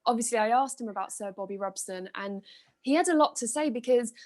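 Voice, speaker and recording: A woman's voice: fairly high pitch, fairly quick, darkish tone. A young woman hosting a football interview who listens closely and follows with her own long questions. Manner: attentive, reacts with short interjections.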